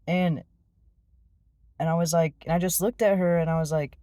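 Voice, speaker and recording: A man's voice: fairly high pitch, steady tone, normal speed, warm tone, no echo. Rambling man telling a story, dry sound. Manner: rambling, many fillers and restarts. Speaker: vlogger. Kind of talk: casual storytelling to camera.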